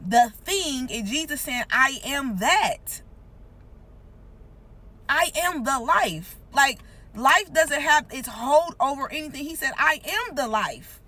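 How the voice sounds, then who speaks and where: Her voice high, pushed and bright, the woman continues her earnest, conversational devotional teaching, hammering points home through repetition. The audio quality is poor.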